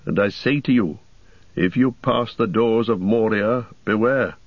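A man's voice: fairly low pitch, measured pace, no echo. A man voicing a grim, weary male ranger in a storybook reading, speaking heavily and urgently. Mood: heavy. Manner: heavy, urgent. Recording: dull dry audiobook recording.

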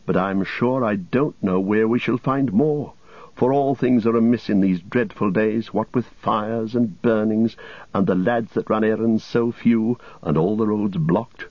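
A man's voice: on the low side, unhurried, dry recording. A man voicing a fussy, chattering old wise woman who works as a healer, rambling fretfully in a storybook reading. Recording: dull lo-fi recording.

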